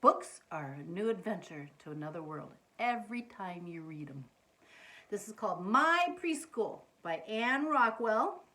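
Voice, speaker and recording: A woman reading a picture book aloud to young children, gently coaxing them with questions as she points things out. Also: mid-range voice, very animated, a little slow. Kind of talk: children's read-aloud storytime.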